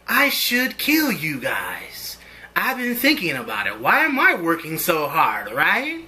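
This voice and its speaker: A man's voice: fairly high pitch, wildly swooping pitch, slow pace, sharp tone, full character voice. A man doing a coolly menacing villain. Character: menacing grown male villain musing coolly.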